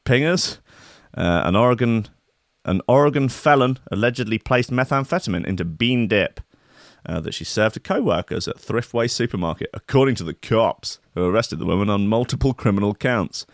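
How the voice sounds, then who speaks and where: A man's voice: on the low side, no room sound, studio quality. A man hosting a comedic morning show, rambling and swearing playfully. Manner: rambling, profane, playful mock-cockney bits. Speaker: show host. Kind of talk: casual comedic monologue with swearing.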